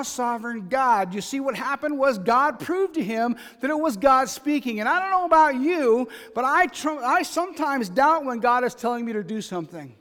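A man with a high-pitched voice preaches a sermon, moving between reading scripture and acting out the dialogue in everyday terms. His voice rings out with a long reverb, as if filling a church sanctuary. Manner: animated preaching, reads scripture aloud and acts out paraphrased dialogue. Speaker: pastor.

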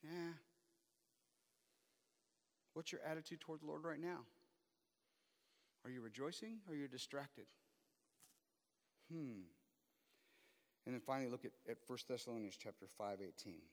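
A man's voice: mid-range voice, normal speed, pauses often. A man pastor preaching a sermon, pressing his listeners with rhetorical questions. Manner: asks the audience many rhetorical questions. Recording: long reverb of a hall.

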